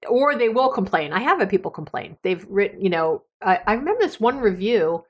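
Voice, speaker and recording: Brief: middle-aged woman, solo podcast host, lively and talkative, swoops high when she gets emphatic. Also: a little fast, highs cut off. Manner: chatty, animated, laughs often, acts out quoted voices. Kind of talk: solo podcast advice talk.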